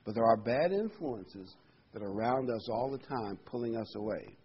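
A man preaches a sermon in a chatty way, full of fillers and rhetorical questions. His voice sits at an ordinary pitch. The recording sounds a bit dull, with faint hiss under it. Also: animated, normal speed. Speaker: pastor.

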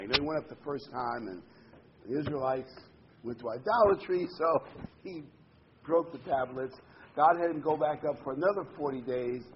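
A man preaching a sermon in a conversational way, leading the congregation to repeat words after him. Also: fairly high pitch. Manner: conversational, leads the congregation in call-and-response. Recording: dull lo-fi recording with faint hiss.

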